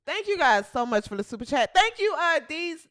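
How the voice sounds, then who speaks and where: A woman hosting a comic sports talk livestream, mocking and animated, with exaggerated hollering. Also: high-pitched, a little fast, dry recording, clean studio sound. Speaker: show host.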